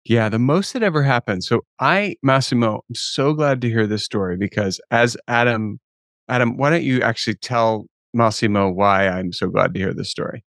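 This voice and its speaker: A man's voice: medium pitch, normal speed, a bit bright, dry recording, clean studio sound. A man co-hosting a podcast in casual chat, telling stories animatedly and slipping into mocking voices. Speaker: podcast co-host.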